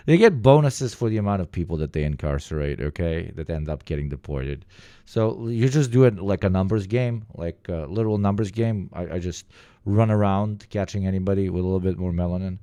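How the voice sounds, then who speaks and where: A man giving casual, profane reaction commentary, telling stories with lots of fillers and animated bursts. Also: low-pitched, fairly quick, dry recording. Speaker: reaction streamer.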